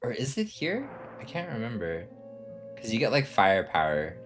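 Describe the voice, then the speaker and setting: A man's voice: mid-range voice, wildly swooping pitch, normal speed, a bit bright. A man streaming a video game, chatting casually in a rambling, self-amused way full of fillers. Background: game music.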